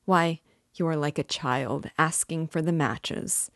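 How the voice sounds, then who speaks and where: A woman's voice: deep voice, slow, gravelly, no room sound, clean studio sound, exaggerated voice. A woman voicing a sly, good-humored male examining lawyer who questions mockingly, in an audiobook reading. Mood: teasing. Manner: teasing, mock-friendly questioning.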